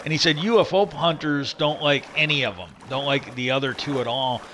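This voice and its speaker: A man's voice: medium pitch, brisk, bright, forceful tone, slight background noise. A middle-aged man hosting a livestream, rambling in casual chat and swearing freely as he retells what he heard. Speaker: livestream host.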